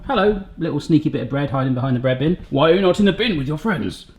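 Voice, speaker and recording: A man's voice: on the high side, animated, fast, background noise. A man hosting a casual cooking demonstration in a home kitchen, chatty and jokey, with rambling asides. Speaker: cooking channel host.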